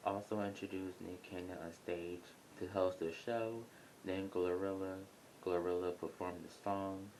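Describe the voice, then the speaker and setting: A man's voice: little pitch movement, a little slow, a little mellow, poor audio. A young man casually reviewing a reality show, talking in a rambling, blunt, chatty way from his home near an airport. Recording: faint airplane rumble behind.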